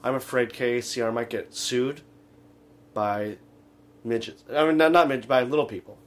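Rambling man co-hosting a comedy show. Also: medium pitch. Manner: rambling, halting retelling with many fillers. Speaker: radio show co-host. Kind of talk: casual comedic chat.

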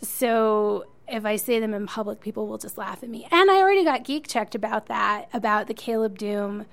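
A woman's voice: medium pitch, normal speed, creaky. A woman co-hosting a podcast, chatting enthusiastically as a fan and laughing often. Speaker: podcast co-host. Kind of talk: casual chat.

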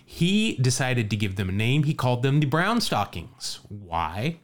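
A man's voice: medium pitch, big pitch swings, a little slow. Man, podcast co-host, easygoing storyteller who laughs a lot. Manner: laughs often, storytelling with asides. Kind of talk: casual baseball history chat.

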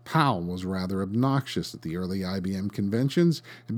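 A man with a low, animated voice and a brisk pace hosts a podcast, reading a scripted history narration. He drops in dry, sarcastic asides along the way.

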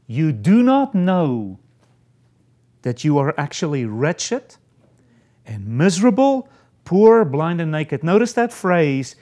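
Lively, expressive male preacher. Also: on the high side. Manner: reads scripture aloud then explains it, dynamic delivery. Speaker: pastor. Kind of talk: sermon.

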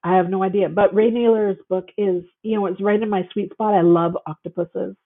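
A woman's voice: mid-range voice, fairly even intonation, fairly quick. A woman guest author chatting casually and enthusiastically, gushing with lots of fillers, heard over a call. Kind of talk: casual chat. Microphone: phone call. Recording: tinny phone line.

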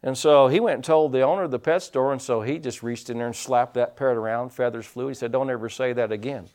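A man preaching a sermon as pastor, folksy, telling stories and swinging his loudness up and down, from the United States. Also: medium pitch, fairly even intonation, quick pace. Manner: folksy storytelling preacher, rising and dropping loudness.

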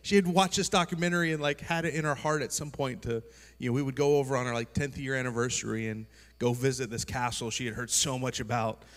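Casual pastor in a reverberant church hall. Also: male voice, medium pitch, quick pace. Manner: relaxed, conversational with many fillers. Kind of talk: sermon.

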